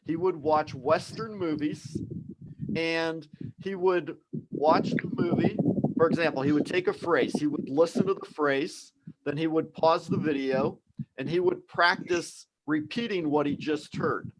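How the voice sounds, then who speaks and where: A man's voice: on the high side, measured pace, rough recording. A man hosting a live online English class, explaining things in an encouraging, conversational way.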